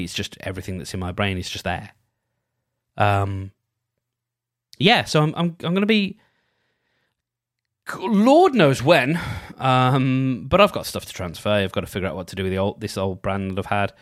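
A man's voice: fairly low pitch, no room sound, studio quality. A man talking alone in a casual, rambling monologue, often restarting his sentences and thinking aloud. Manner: rambling, full of restarts and "you know".

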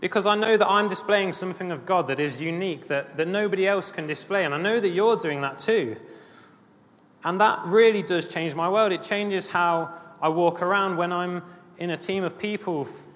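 A man's voice: high-pitched, moderate pace, fairly bright tone. Earnest male preacher in a reverberant hall. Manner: earnest, rising emphatic passages, repeats phrases. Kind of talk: sermon. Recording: long hall reverb, faint ambient noise.

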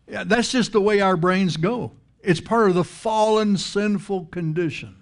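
Male preacher with a fairly high voice, conversational sermon delivery, lots of repeats and rhetorical questions. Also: takes it slowly.

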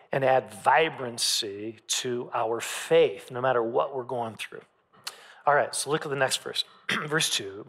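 A man giving a sermon as a pastor, talking in a relaxed, conversational way and often repeating his phrases. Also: sits high. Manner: conversational preaching, repeats phrases, varied pace.

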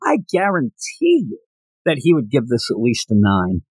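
A man's voice: mid-range voice, huge pitch swings, moderate pace, darkish tone, slightly rough, dry recording, low-quality recording. A man hosting a casual podcast, rambling and joking with frequent restarts. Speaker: podcast host.

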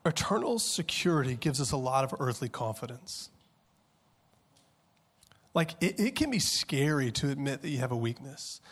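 A man in his thirties preaching a sermon with passion, dropping to hushed tones and then rising to loud, urgent peaks. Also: medium pitch, very animated, moderate pace, long pauses. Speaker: pastor.

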